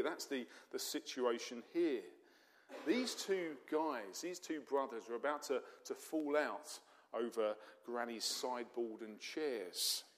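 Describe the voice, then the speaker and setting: Preacher in a reverberant hall. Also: male voice, mid-range voice. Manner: conversational preaching with rhetorical questions and dry humour. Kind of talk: sermon.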